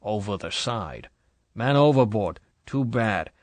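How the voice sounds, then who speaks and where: A man voicing a drunk, crude tycoon who sneers and slurs his bullying words slowly. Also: on the low side, expressive, no room sound. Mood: menacing drunk. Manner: sneering, slurred, deliberate.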